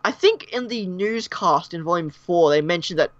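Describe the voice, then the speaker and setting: A man's voice: high voice, animated, moderate pace, a bit bright, dry recording. A man with an Australian accent hosting a casual fan discussion live stream, rambling and speculative with frequent restarts. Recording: dull, dry lo-fi mic.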